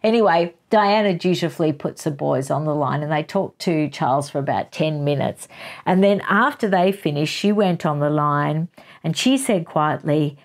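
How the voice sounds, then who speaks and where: A woman's voice: deep voice, moderate pace. A woman hosting a casual book chat, retelling chapters in a chatty way with asides and little laughs. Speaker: book channel host.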